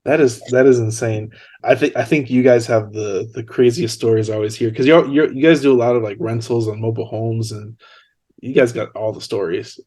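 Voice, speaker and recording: A man's voice: medium pitch, steady tone, brisk, a little mellow. Stammering male podcast host. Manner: stammering restarts, easy laughs. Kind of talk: casual interview chat.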